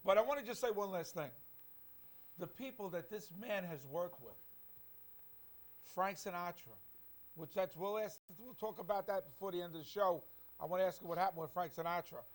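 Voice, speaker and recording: A man's voice: sits high, moderate pace, long pauses. A man hosting a talk show, telling an anecdote in a rambling, admiring way with many restarts. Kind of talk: casual talk show chat.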